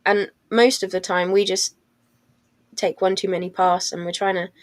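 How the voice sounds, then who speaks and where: A woman's voice: mid-range voice, little pitch movement, moderate pace, no room sound. Thoughtful woman, dry close sound. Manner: thoughtful, hedging with "I don't know" and "like". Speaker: podcast panelist. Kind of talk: casual chat.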